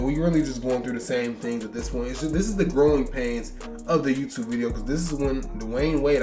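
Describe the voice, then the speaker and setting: A man's voice: mid-range voice, brisk, over music. A young man, chatting casually through a sports game simulation and reacting to player stats, tired and yawning after a long day of recording. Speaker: gaming YouTuber.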